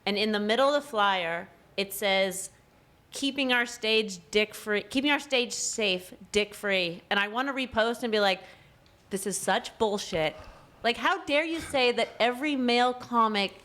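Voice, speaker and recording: A woman's voice: fairly high pitch, measured pace, a bit bright. A woman, a comedian guest, venting indignantly in casual podcast chat. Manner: indignant, outspoken.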